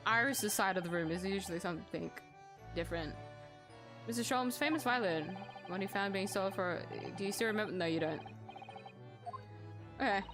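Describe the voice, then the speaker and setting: A woman playing a story game, reading lines aloud and reacting with loud laughter. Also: mid-range voice, moderate pace, pauses often. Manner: excitable, laughs and squeals a lot. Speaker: gaming streamer. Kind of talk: let's play commentary with read-out dialogue. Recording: game music under the voice.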